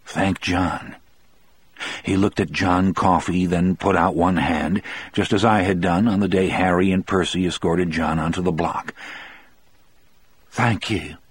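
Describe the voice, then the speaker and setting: Deep, husky male audiobook narrator. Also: fairly even intonation, normal speed, no room sound. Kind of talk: first-person novel narration.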